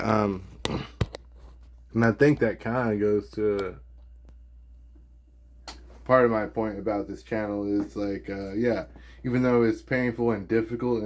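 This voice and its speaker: A man from the United States in a casual vlog monologue, hesitant with a slightly slurred, lazy-lipped way of talking, in his home studio. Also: on the low side. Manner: hesitant, lots of ums and likes. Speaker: YouTuber.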